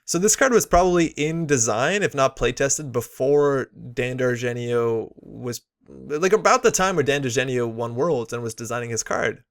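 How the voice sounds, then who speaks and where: Opinionated male card reviewer, chatty and filler-heavy, mid-pitched voice. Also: expressive, moderate pace. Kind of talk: casual unboxing commentary.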